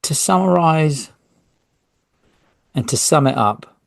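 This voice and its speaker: A man's voice: a little high, lively intonation, takes it slowly, creaky, no echo. A man hosting a solo podcast, talking in a rambling, self-interrupting way with jokey asides. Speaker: podcast host.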